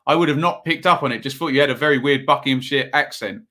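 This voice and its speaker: Bright-voiced chatty livestream host. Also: male voice, mid-range voice, quick pace. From Ipswich, England. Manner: chatty, rambling, reads chat aloud, many ums. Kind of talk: casual live football commentary and chat.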